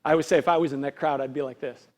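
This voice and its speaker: A man, a pastor, preaching an earnest, conversational sermon full of rhetorical questions, acting out quoted voices with big swings in loudness. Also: on the high side, fairly even intonation, rapid-fire.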